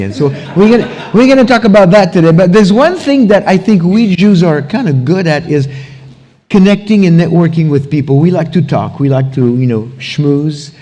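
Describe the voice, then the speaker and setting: Man joking through a church conference talk, mellow dark voice, lots of "you know", echoey hall. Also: high voice, moderate pace. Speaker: conference speaker, ministry founder.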